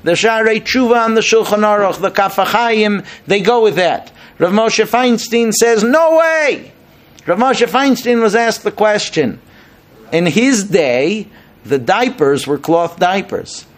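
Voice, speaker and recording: A middle-aged man teaching an informal Torah lesson as a rabbi, animated and acting out the rabbis he quotes with rising emphasis. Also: high voice, measured pace.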